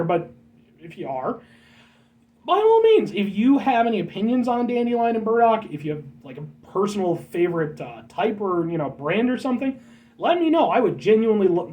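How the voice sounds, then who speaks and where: A man's voice: high voice, a little mellow, distant mic, rough recording. Rambling American guy, a bit off-mic. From United States. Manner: rambling, jokey, addresses viewers as folks. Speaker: vlog host. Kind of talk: casual review vlog.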